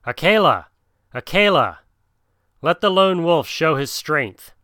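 A man voicing a pack of jeering young wolves in a storybook reading, calling out in loud chants. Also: fairly high pitch, very animated, slow, dry recording, clean studio sound, pitched above the performer's own voice, exaggerated voice.

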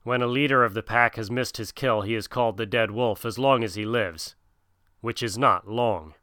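Guy reading a story aloud, bright smooth voice, super dry. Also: lowish voice, moderate pace, no echo. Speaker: narrator.

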